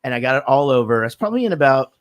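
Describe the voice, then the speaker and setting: Animated man with a lively voice. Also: mid-range voice, very fast, clear, resonant tone. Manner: animated, laughs a lot, breaks into quoted voices. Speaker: podcast co-host. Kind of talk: casual movie-recap banter.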